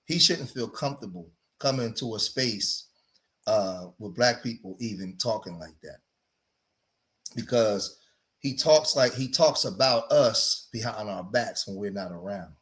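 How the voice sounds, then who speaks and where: A man's voice: on the low side, animated, a little slow, fairly bright tone. A man hosting a livestream, delivering emphatic, preachy commentary, repeating himself and saying "man" often. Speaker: streamer and commentator.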